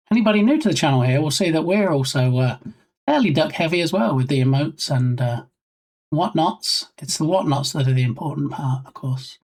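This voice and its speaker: A British man chatting casually on a live stream, reading chat messages aloud and reacting. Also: a little high.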